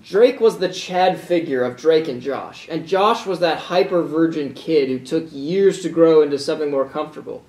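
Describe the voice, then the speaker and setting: Young man, deadpan, sarcastic comedy news co-host, slightly high voice, echoey room. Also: moderate pace, hardly any pauses, recorded from a distance. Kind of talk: sketch comedy news banter.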